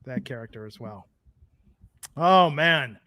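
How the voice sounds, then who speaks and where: A man's voice: mid-range voice, animated, takes it slowly, bright, forceful tone, dry recording. A man co-hosting a podcast in casual chat, a rambling storyteller who laughs often. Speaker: podcast co-host.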